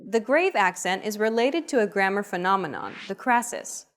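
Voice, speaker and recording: Measured woman explaining grammar. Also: mid-range voice, expressive, faint music behind. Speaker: language teacher. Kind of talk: scripted grammar narration.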